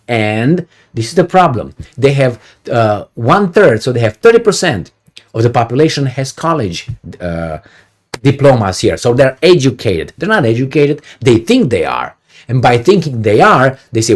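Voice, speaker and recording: A man's voice: medium pitch, sing-song, normal speed. A middle-aged man giving a heated, sarcastic video commentary, with frequent profanity and rhetorical questions. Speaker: political commentator.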